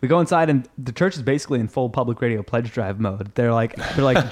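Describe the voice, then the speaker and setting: A man's voice: mid-range voice, quick pace, few pauses. A man in his early thirties telling a funny story as a podcast guest in casual chat. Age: 30s. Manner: storytelling, animated, jokey.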